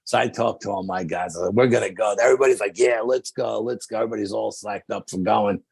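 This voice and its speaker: A man speaks as a podcast guest, recounting his experiences in a relaxed, anecdotal style full of casual filler. His voice sits low with a gravelly, husky texture. The sound is dry and close, with little room around it. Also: quick pace, no room sound. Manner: lively anecdotal storyteller with slangy fillers. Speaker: podcast guest, paranormal investigator. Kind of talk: casual storytelling chat.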